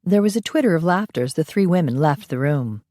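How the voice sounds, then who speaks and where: A woman with a notably low voice reads the audiobook narration in an even, measured way. The recording is dry and close, with no room sound. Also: no echo. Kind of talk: scripted narration.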